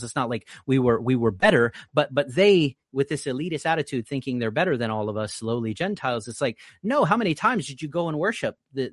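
A man's voice: no room sound, clean studio sound. A man hosting a live stream, giving religious commentary in an earnest, stumbling way, repeating words as he goes. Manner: earnest, repeats words often, rises in pitch when emphatic. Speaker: livestream host.

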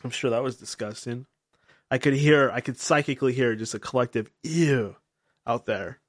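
Brief: male podcast host, mid-pitched voice, candid and profane, self-mocking rambles, dry close recording. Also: normal speed, dry recording. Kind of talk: casual solo talk-show monologue.

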